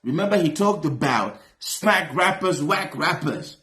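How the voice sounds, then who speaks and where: A reaction host, a man with a high voice that swings widely in pitch, talking in loose slang and breaking into excited shouts. He comments casually on the track he is playing. The recording has a roomy echo. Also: measured pace.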